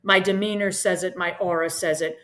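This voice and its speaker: A woman's voice: fairly low pitch, steady tone, a little fast, fairly bright tone. A middle-aged woman from Boston, a guest on a leadership interview show, speaking earnestly and reflectively and often checking in with "right?". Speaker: podcast guest, leadership consultant. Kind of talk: casual interview talk.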